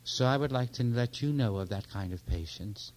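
A man giving a sermon, swinging from loud, urgent exhortation to hushed, confiding near-whispers, with stories full of quoted dialogue. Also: medium pitch, moderate pace, rough recording. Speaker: minister.

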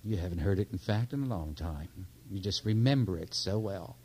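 A man giving a sermon, swinging from loud, urgent exhortation to hushed, confiding near-whispers, with stories full of quoted dialogue. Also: sits low, expressive, moderate pace, a little hiss or hum, rough recording. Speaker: minister.

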